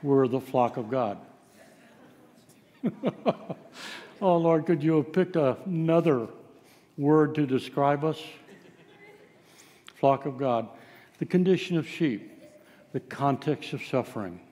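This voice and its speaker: A man's voice: mid-range voice, unhurried, long pauses, warm tone, long reverb tail. A man preaching a sermon, telling stories in a folksy way with frequent filler sounds. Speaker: pastor.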